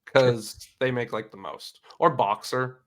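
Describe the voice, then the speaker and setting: A man's voice: mid-range voice, slow. A man chatting casually on a podcast, tossing in short teasing remarks. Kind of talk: casual chat.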